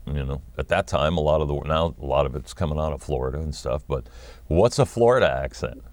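A man in his fifties with a New York accent, a guest chatting in a relaxed, wry way and laughing often. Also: extremely low pitch, a little fast, no room sound. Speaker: guest, former wrestling announcer. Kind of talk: casual interview chat.

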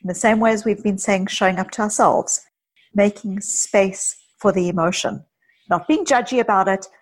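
A woman psychologist, a guest in an interview, talking earnestly and telling personal stories with quick asides. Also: mid-range voice. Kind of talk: casual interview conversation.

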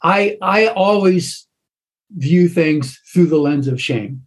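A man who is an author talking in a casual conversation, halting, with many restarts. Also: fairly high pitch.

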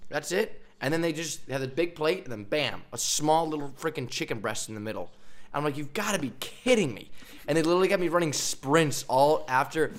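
A young man hosting a podcast, telling a story in a casual, animated way, with frequent laughs and fillers. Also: on the high side, fairly quick. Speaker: podcast host. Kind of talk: casual chat.

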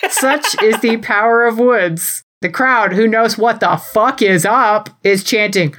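A woman co-hosting a podcast, recapping a wrestling show in animated, playful casual chat. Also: on the high side, takes it slowly. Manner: animated, giggly, playful storytelling. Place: home.

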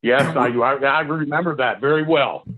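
A man guest in a casual interview, relaxed and halting, with many fillers. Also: medium pitch. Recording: tinny phone-like line.

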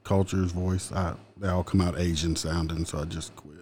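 Low, dark-toned man, teasing co-host, quick with jokes. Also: flat delivery, slightly rough. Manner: teasing, joking, laughing often. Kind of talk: casual banter.

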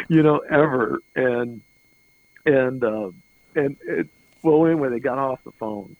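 Middle-aged man, interview guest, loose chuckling anecdote, dry close sound, medium pitch. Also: expressive, slow pace, creaky, pauses often, no room sound, phone-quality sound. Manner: rambling, chuckling, repeats words as he goes. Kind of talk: casual anecdotal storytelling.

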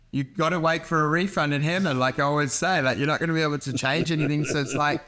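A man's voice: on the high side, fairly bright tone. A man, a comedian rambling through a casual podcast chat, laughing often and swearing freely.

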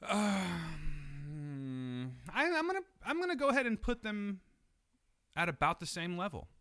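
A man's voice: sits high, big pitch swings, a little slow, bright, forceful tone, dry recording, studio quality. A man co-hosting a podcast in casual chat, joking and swearing, slipping into impressions. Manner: profane, joking, breaks into impressions. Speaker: podcast co-host.

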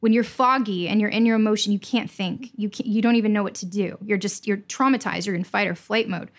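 A woman talks in a candid conversation with earnest emphasis. Her voice sits at an ordinary middle pitch. She often repeats short phrases to steady and reassure the listener. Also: a little fast. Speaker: musician.

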